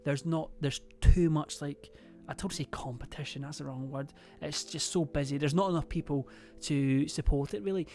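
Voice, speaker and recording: A young man talks to his stream viewers in a loose, rambling way. He hesitates often, leans on fillers and swears freely. His voice sits a little high, and soft music plays faintly underneath. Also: steady tone, normal speed, hardly any pauses. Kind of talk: casual stream chat.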